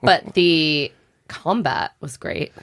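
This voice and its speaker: A woman co-hosting a podcast, chatty and giggly as she talks in quick bursts. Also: deep voice, lively intonation, fairly bright tone. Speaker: podcast co-host. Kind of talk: casual chat.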